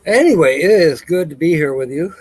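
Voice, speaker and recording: A tired, yawning man hosts a casual livestream, cracking jokes and reading viewer comments aloud with frequent chuckles. His husky voice sits on the high side, brisk with lively intonation, in a rough recording with no echo.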